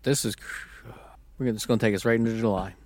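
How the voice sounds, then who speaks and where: A man's voice: fairly low pitch, steady tone, fast, no echo. A man co-hosting a podcast, chatting casually in a joking, crude way with bursts of animation. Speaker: podcast co-host. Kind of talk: casual chat.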